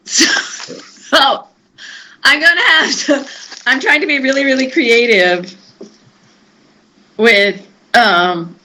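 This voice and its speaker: Woman co-host, high bright voice, slow halting chat with fillers. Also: rough recording. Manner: chatty, halting, with fillers and laughs. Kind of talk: casual live-stream chat. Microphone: video call.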